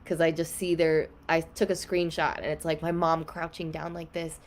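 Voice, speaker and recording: Low-voiced young woman telling a heartfelt story. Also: flat delivery, moderate pace, slight background noise. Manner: candid and emotional, many "like" fillers. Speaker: podcast guest.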